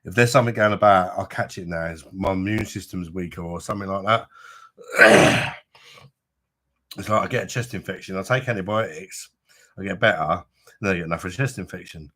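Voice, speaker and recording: A man's voice: low-pitched, fairly quick, sharp tone. A man chatting casually on a live stream, rambling and swearing freely, with a chesty cough from an infection. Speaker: livestream host.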